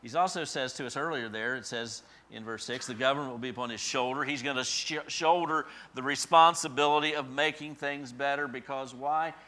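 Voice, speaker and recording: A male pastor giving a sermon, building to loud emphatic peaks and dropping to soft, quiet endings. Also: mid-range voice, a little fast, hardly any pauses.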